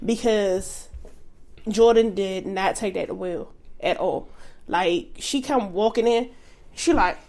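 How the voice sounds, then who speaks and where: A woman's voice: mid-range voice, slow pace, a little mellow. A woman co-hosting a casual podcast with her husband, giving short, blunt replies and telling stories plainly. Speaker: podcast co-host. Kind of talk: casual chat.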